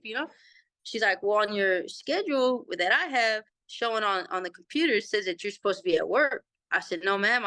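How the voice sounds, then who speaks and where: Bright-voiced Texan woman telling a story. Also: medium pitch, no echo. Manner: animated retelling with quoted dialogue. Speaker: interview guest. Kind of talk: casual storytelling.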